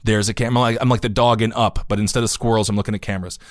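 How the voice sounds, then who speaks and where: A man's voice: lowish voice, very fast, dry recording, clean studio sound. A man hosting a podcast, giving casual news commentary with sarcastic asides and growing indignation. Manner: animated, sarcastic, gets indignant. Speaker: podcast host.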